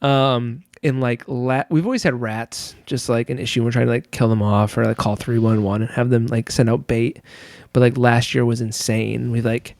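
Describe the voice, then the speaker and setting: A man's voice: mid-range voice, moderate pace, gravelly, dry recording. A young man hosting a podcast, telling stories in a rambling, casual way with lots of fillers. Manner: rambling, filler-heavy, animated storytelling. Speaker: podcast host. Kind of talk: casual chat.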